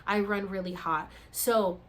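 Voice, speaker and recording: A woman's voice: medium pitch, measured pace. A woman vlogger telling a story casually and acting out the dialogue. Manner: animated, acts out the dialogue.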